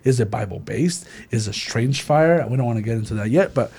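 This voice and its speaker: A young man in a casual church group discussion, talking in an animated, slangy way with many fillers and restarts. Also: medium pitch, a little fast, a crowd in the background. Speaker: church youth group member.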